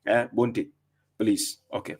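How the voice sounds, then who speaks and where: A man from Ghana, hosting a live religious Q&A stream, reading viewer comments aloud and answering with quick retorts and many fillers. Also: fairly low pitch, little pitch movement, a little hiss or hum.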